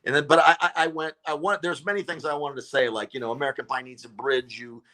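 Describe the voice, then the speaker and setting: A man's voice: medium pitch, quick pace. A comedian telling a story in casual chat, acting out the people he quotes. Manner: animated, acts out quotes. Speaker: comedian guest.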